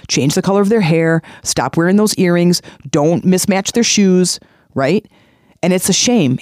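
Man in his 40s doing a self-help pep talk, kinda high voice, repeats stuff for emphasis. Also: a little mellow, dry recording, clean studio sound. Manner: earnest, conversational, repeats phrases for emphasis. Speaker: podcast host.

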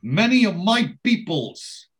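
A man putting on the voice of a menacing foreign gangmaster who speaks in slow, halting broken English. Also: sits high, very animated, a bit bright, voice pushed up, exaggerated voice.

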